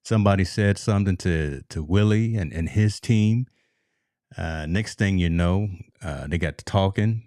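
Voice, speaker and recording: A deep-voiced man hosts a live sports talk show in a dry, close sound. He talks casually and stumbles over repeated words as he starts a thought. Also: moderate pace, darkish tone, no echo. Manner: laid-back, repeats words when starting. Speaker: podcast host.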